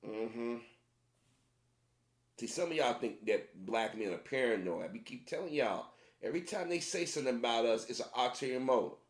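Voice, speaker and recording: Male vlogger, casual rant, emphatic and repetitive, mid-pitched voice, roomy echo. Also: normal speed. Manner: emphatic, repetitive, conversational, with many restarts. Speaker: commentary vlogger.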